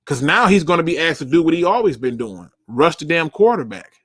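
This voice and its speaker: Blunt, emphatic man with a fairly high voice. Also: very animated, fairly quick, a bit bright, husky, no room sound, clean studio sound. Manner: blunt and emphatic, with frequent cursing and repeated words for emphasis. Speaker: podcast host answering live chat. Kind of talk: casual live sports talk.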